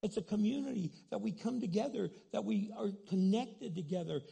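A man's voice: high-pitched, expressive, brisk, gravelly, mellow, breathy edge. A male pastor preaching a sermon, with many restarts and quoted asides.

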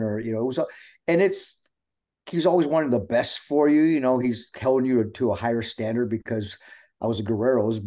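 A man's voice: mid-range voice, fairly quick. A middle-aged man, a pro wrestler guest, chatting casually and acting out the voices of people in his stories. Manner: animated storyteller acting out quotes. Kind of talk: casual chat.

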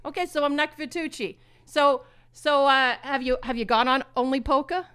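A woman putting on a blustering male poker show host who circles back on every sentence and keeps plugging his sponsor. The voice sits high and sounds bright and pointed, a comedic impression of a self-important showman. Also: moderate pace. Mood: rambling bluster. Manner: rambling, repetitive, mock sponsor plugs.

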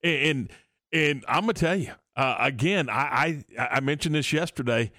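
A man's voice: fairly high pitch, normal speed, pushed and bright, no room sound, studio quality. A man hosting a sports radio show, talking casually and rambling with frequent restarts. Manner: rambling, many restarts and fillers.

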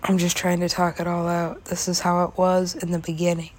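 Young woman, casual rambling vlog monologue; lowish voice, filler-heavy and profane, slips into whispers. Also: completely flat delivery, a little fast. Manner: casual, lots of "like" fillers, swears, laughs often; drops into whispers at times. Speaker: vlogger.

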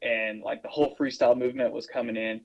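A man's voice: mid-range voice, steady tone, quick pace, dull audio. Rambling, easygoing male podcast co-host. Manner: rambling, filler-heavy storytelling. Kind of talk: casual podcast chat.

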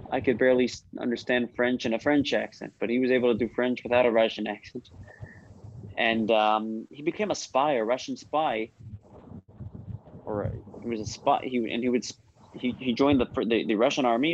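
A man giving an informal religious lesson, telling stories in a conversational way with frequent restarts and questions to his listeners. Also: mid-range voice. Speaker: rabbi teaching a class. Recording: slightly muffled recording with faint noise.

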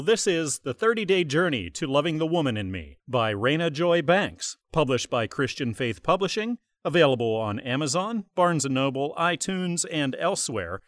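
Lively-voiced male interview host. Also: on the high side, dry recording, clean studio sound. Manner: polite, formal announcer-like delivery. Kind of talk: scripted book interview.

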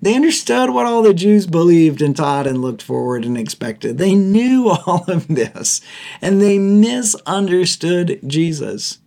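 A young man teaching through a Bible passage in a relaxed, conversational way, often laughing and checking in with his listeners. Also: high voice, unhurried, vocal fry.

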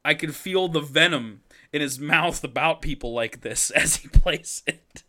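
A man's voice: on the high side, measured pace, pushed and bright. A man co-hosting a podcast, recapping a movie in casual, profane, joking banter and laughing often. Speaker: podcast co-host.

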